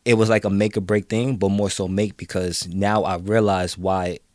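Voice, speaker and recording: A man with a very deep voice talks as a guest on a casual podcast. He speaks reflectively and from the heart, pausing often with fillers. The recording is dry and close-miked. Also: little pitch movement, a little mellow, no room sound.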